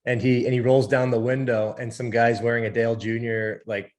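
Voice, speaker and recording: A man hosting a podcast in casual chat, relaxed and teasing, with rambling asides. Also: medium pitch, brisk. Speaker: podcast host.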